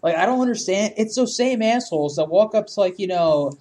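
A man's voice: sits high, animated, brisk, a little mellow. Foul-mouthed guy ranting on a podcast, voice jumps all over, laughs a lot. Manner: profane, ranting, laughs often. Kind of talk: casual chat.

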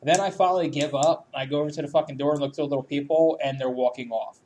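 A man in casual chat, grumbling and swearing about his neighbors, with sudden loud outbursts. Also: on the high side, fairly even intonation, racing.

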